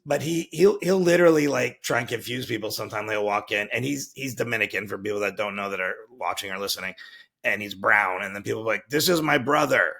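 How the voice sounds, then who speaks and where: Gravelly, husky-voiced male podcast host. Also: on the low side, fast, a bit bright. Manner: jokey and easygoing. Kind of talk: casual chat.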